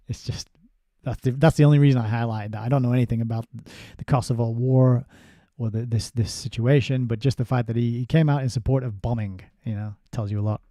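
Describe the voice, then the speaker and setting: Very dark-voiced sardonic man. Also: medium pitch, fairly even intonation, no echo, clean studio sound. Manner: sardonic asides with halting restarts. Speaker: book reviewer. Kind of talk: casual spoken book review, reading passages aloud.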